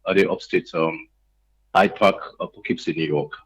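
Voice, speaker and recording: A man with a Sierra Leonean accent calling into a radio show, talking in an agitated, emotional way with many halting restarts. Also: deep voice, fairly even intonation, breathy edge, poor audio. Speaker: radio call-in caller. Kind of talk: impassioned call-in rant.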